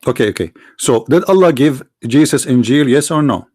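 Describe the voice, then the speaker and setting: An animated Middle Eastern host with an Arabic accent leads a live call-in debate stream, pushing insistent, challenging questions at callers. His medium-pitched voice is brisk and a little mellow, heard in clean studio sound with no echo.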